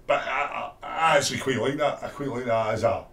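A Scottish man co-hosting a podcast, chatting casually in a halting way and often repeating words. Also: mid-range voice, a bit bright. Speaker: podcast co-host. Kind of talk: casual chat. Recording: roomy echo.

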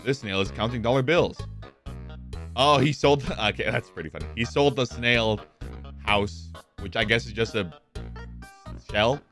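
A man streaming a video game, reading the on-screen text aloud and reacting with excitable, profane commentary. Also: mid-range voice, measured pace, pauses often, faint music behind. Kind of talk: casual gameplay commentary.

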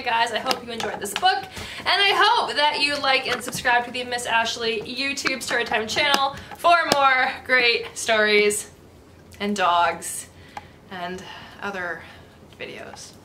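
Young woman reading a kids' book, slow sing-song, far-ish mic, faint hiss. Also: a little high, roomy sound. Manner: sing-song, expressive storytelling. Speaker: storytime host. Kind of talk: children's picture-book read-aloud.

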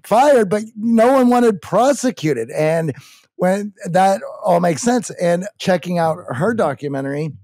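A man's voice: sits high, animated, unhurried, a little mellow, no echo, clean studio sound. A man co-hosting a podcast conversation who talks in a loose, rambling way full of fillers. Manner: rambling, filler-heavy phrasing. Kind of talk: interview conversation.

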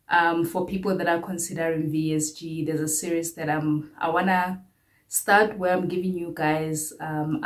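A young woman with a South African accent talks straight to her viewers in a candid, rambling way. She circles back and repeats phrases as she goes. Her voice sits a little low. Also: darkish tone. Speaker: vlogger. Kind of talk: casual update to viewers.

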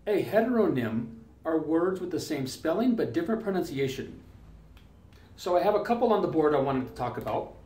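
A man giving a short English pronunciation lesson, saying each word slowly and repeating it carefully. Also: a little high, a little mellow. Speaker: English teacher. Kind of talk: slow classroom pronunciation lesson. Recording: roomy echo, mic far off.

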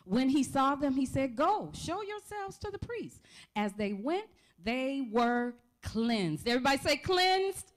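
A woman preaching a sermon in a church, calling out to the congregation for responses with shouts of praise. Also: high voice, sing-song, unhurried. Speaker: pastor. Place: church sanctuary.

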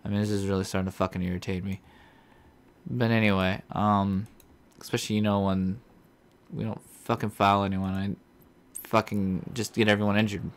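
A man's voice: on the low side, little pitch movement, moderate pace. A man giving casual gameplay commentary as a let's-play host, frustrated, rambling and swearing often. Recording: audible background noise.

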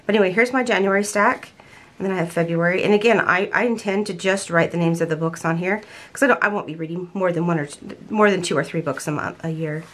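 A woman's voice: on the low side, fast talker, fairly bright tone. An older woman chatting casually at home about a planner haul, gushing and often restarting her sentences. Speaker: planner vlogger.

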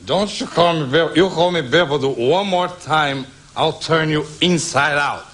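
A man's voice: fairly high pitch, normal speed, fairly bright tone, close to an everyday voice. A man playing an indignant drunk who clings to his dignity and threatens. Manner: blustering, threatening.

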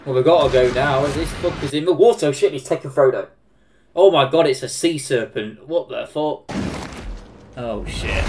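A man with an English Midlands accent reacting to a film, excitable, swearing and laughing often. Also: medium pitch, moderate pace, background noise. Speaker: reaction video host. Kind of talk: casual reaction commentary.

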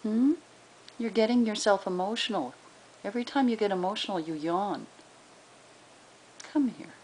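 A woman's voice: mid-range voice, fairly quick, a little mellow, slight background noise, rough recording. A woman at home, talking to her pet in cooing, coaxing baby talk. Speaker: pet owner. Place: home indoors.

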